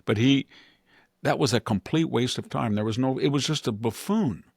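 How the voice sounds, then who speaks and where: A man's voice: medium pitch, moderate pace, vocal fry, a little mellow, husky, no echo, clean studio sound. A man hosting a podcast, giving rambling, sardonic political commentary and slipping into mocking impressions. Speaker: podcast host.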